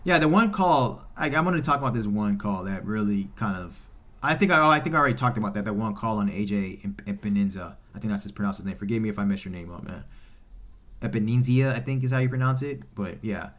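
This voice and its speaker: A man hosting his own football channel, ranting off the cuff, profane and heated, repeating himself and swinging between low mutters and loud outbursts. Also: quick pace. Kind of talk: unscripted sports rant to camera.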